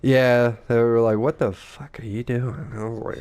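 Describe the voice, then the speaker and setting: A man's voice: medium pitch, fairly even intonation, normal speed, hardly any pauses, warm tone, smooth. A man and father, co-hosting a casual gaming chat, rambling and profane, acting out the lines people said. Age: adult father. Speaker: gaming podcast co-host.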